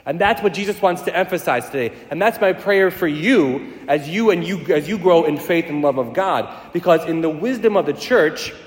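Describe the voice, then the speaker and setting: A man preaching a sermon as a priest, fast-talking and emphatic, building to intense passages. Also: high-pitched. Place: large church hall. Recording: echoey church hall with long reverb.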